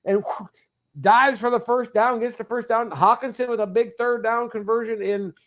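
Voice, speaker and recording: A man co-hosting a sports podcast, talking fast and heatedly as a fan in casual chat. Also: very high voice, highs cut off. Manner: animated, ranting fan, quick bursts. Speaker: podcast co-host.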